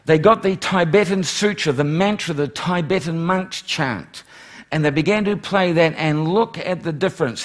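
A middle-aged man preaching a sermon, animated, swinging from loud exclamations to hushed, pleading lines. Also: fairly high pitch. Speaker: pastor.

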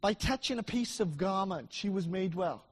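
A middle-aged man preaching a sermon in a church, emphatic and repetitive, swinging between loud declarations and soft asides. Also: high-pitched, animated, moderate pace, husky.

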